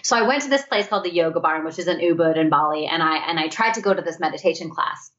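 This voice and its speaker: Woman guest, earnest reflective storyteller, lower voice, slightly muffled audio. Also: lively intonation, fast talker, fairly bright tone. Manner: earnest, reflective, often quotes her own thoughts. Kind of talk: candid storytelling in conversation.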